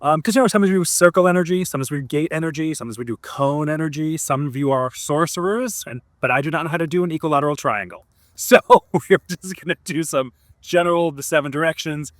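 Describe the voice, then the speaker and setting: A man's voice: a little high, fast, dry recording, studio quality. A man hosting outdoors in a park, chatting in a rambling, laughing, hippie-ish way as he leads a gratitude ritual. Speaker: host. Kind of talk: casual talk leading a gratitude ritual.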